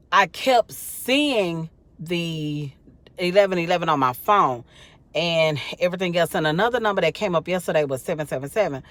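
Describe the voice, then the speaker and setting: A woman's voice: on the low side, no echo. Sleepy, rambling woman vlogger. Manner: rambling, chatty, many fillers. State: tired and sleepy. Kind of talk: casual talk to camera.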